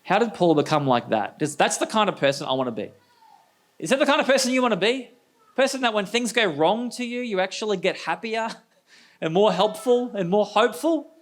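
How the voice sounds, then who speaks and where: Lively pastor preaching. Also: male voice, sits high, brisk. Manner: energetic, conversational preaching with rhetorical questions. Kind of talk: sermon.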